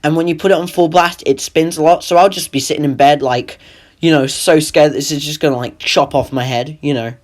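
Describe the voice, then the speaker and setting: A man's voice: a little high, fairly even intonation, brisk. A young man narrating a comic animation in a rambling, self-deprecating way. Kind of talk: comedic voice-over narration.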